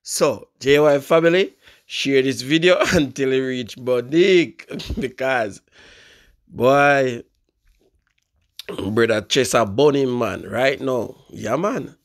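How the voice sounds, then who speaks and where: A man with a Jamaican accent hosting a casual commentary show, bantering lively in Patois. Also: mid-range voice, takes it slowly, no room sound, studio quality. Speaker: host.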